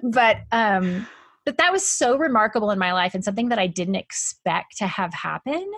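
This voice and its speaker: A woman's voice: mid-range voice, expressive, normal speed, fairly bright tone, slightly rough, no echo. Woman guest, conversational and giggly, mid-range voice, dry close mic. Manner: chatty, laughs often, says "like" a lot. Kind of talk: casual chat.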